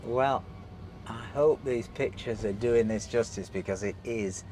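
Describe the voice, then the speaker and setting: A man's voice: lowish voice, unhurried, a little mellow, a little hiss or hum. A man hosting a travel vlog, chatting enthusiastically about the scenery while he drives. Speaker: vlog host. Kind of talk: casual travel commentary while driving. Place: inside a small electric car on village streets.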